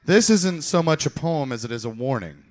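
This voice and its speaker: A man performing a comic slam poem live, theatrical, swinging from loud outbursts to low mutters. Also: expressive, moderate pace. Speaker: slam poet.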